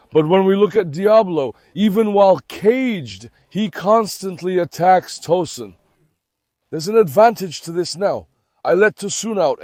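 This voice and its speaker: A man hosting a dog vlog, who excitedly pleads with and scolds his dogs, then calmly comments on their behavior. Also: high voice, no room sound, clean studio sound. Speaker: dog owner and channel host. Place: outdoor garden with dogs.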